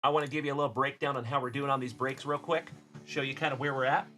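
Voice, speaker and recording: A man's voice: mid-range voice, fairly even intonation, quick pace, sharp tone, faint music behind. A middle-aged man from South Texas hosting a casual card-breaking livestream, chatty and upbeat, greeting viewers by name.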